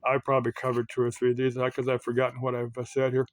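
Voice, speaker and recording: A man's voice: medium pitch, completely flat delivery, quick pace, hardly any pauses, no echo. An American man giving casual, meandering commentary to his channel, full of fillers and restarts. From United States. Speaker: YouTube commentator.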